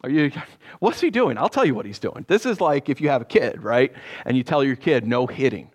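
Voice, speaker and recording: A male pastor preaching a sermon, reading Bible verses and cracking jokes in animated asides. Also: on the high side, brisk.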